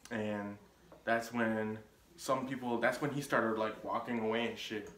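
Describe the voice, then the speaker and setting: A man's voice: on the low side, fairly even intonation, a little slow, fairly bright tone, reverberant, slight background noise. A young man telling a casual story on his vlog, rambling with lots of filler words and restarts. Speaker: vlogger.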